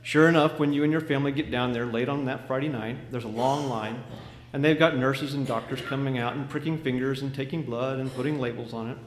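A man's voice: medium pitch, steady tone, brisk, hardly any pauses. Dramatic male preacher in an echoey hall. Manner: dramatic storytelling, swinging from loud to hushed. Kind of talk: sermon illustration. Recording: echoey hall with faint noise.

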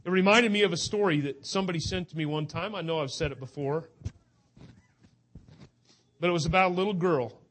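Earnest preacher, slightly high-voiced man. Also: brisk, long pauses, a bit bright. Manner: earnest, emotional, urging. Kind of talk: sermon.

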